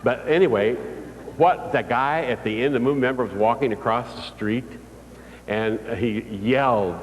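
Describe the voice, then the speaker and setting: A man's voice: mid-range voice, moderate pace, a little hiss or hum. An older man giving a live motivational speech, telling folksy stories and asking the audience questions. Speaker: motivational speaker. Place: large hall before an audience. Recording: distant reverberant hall recording.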